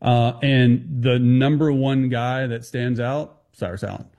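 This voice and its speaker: A man appearing as a football analyst guest on a sports talk show, talking fast and confidently with quick restarts. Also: medium pitch, fairly even intonation, gravelly, dark tone, muffled recording.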